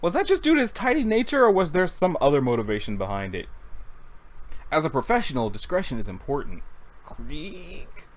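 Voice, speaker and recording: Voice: medium pitch, very animated, fast talker. A webcomic reader chatting casually at a computer, rambling and interrupting themself. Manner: giggly, rambling, self-interrupting. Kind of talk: casual comic read-along.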